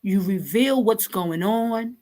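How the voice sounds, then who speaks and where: A woman's voice: mid-range voice, takes it slowly, warm tone. Exasperated woman scolding her listeners. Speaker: online show host. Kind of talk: impassioned religious talk.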